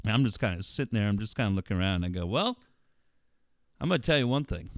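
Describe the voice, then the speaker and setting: A man's voice: fairly low pitch, fast talker, no room sound, studio quality. A middle-aged man telling a story in casual, profane podcast talk, acting out the voices of the people in it. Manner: profane, animated storyteller who acts out voices.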